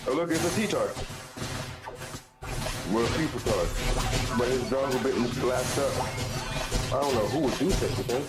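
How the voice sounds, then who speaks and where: A man's voice: medium pitch, moderate pace, pauses often, over loud music, poor audio. A male streamer in casual gaming chat, joking and swearing, laughing often.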